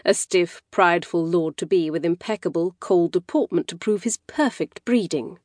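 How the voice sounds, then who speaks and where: A woman reads a first-person audiobook, her voice sitting on the low side. She tells the story in a wry, measured way. The recording is close and dry, with no room sound. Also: darkish tone, no echo. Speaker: audiobook narrator. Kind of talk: scripted first-person narration. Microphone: close studio mic.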